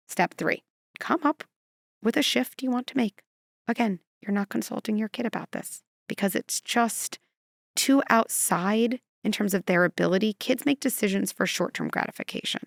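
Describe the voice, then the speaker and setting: A woman psychologist speaking as a podcast guest, animated and expressive, slipping into quoted voices to make her points. Her voice sits at a middle pitch with a gravelly, fry-tinged texture. Recorded close and dry. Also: normal speed, no echo. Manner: animated, acts out quotes and scenarios. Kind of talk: conversational interview.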